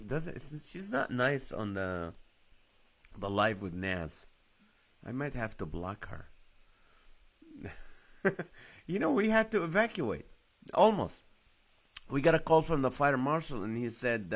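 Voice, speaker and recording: A man's voice: medium pitch, a bit bright. A middle-aged man hosting a live stream, telling rambling jokey stories to viewers and laughing often. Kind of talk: casual comedic storytelling to live viewers. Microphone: phone or webcam on a live stream.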